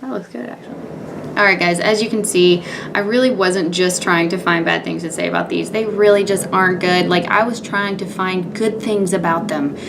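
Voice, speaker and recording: A woman's voice: on the low side, steady tone, normal speed, creaky, noisy background. A young woman chatting casually as she demonstrates makeup, narrating each step in a candid, offhand way. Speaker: beauty vlogger. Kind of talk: casual makeup tutorial and review.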